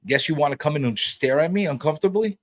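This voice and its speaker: A man's voice: a little high, expressive, fast talker, no room sound. A man hosting a live stream in casual chat, rambling and repeating his words as he greets viewers by name.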